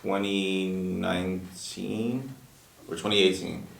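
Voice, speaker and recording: A man talking casually as a battle rapper guest on a podcast, in fast, profane, animated street talk. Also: sits low, gravelly. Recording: echoey room, distant from mic.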